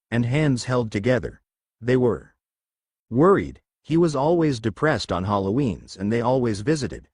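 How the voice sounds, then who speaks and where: A man narrating fan fiction aloud in a steady storybook manner. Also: medium pitch, husky, no echo, studio quality.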